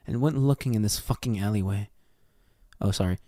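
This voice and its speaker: A man's voice: lowish voice, moderate pace, dark tone, dry recording. American man reading fan fiction, dry sound. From United States. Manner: swears freely, stumbles and restarts while reading. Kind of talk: reading a story aloud with casual commentary.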